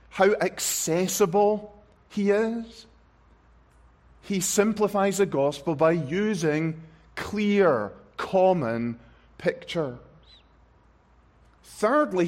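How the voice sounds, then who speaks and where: A man with a high voice delivers a sermon at a slow, deliberate pace. He leans on single words and repeats key phrases for emphasis. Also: a little mellow. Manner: slow, emphatic preaching with words stressed one by one. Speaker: preacher.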